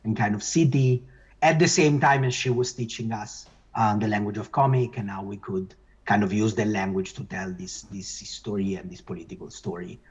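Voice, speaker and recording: Man, husky voice, hesitant author at a panel, dull lo-fi recording. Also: fairly low pitch, fairly even intonation, moderate pace. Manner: hesitant, many fillers and restarts. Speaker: author and researcher. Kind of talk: panel discussion. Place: event hall.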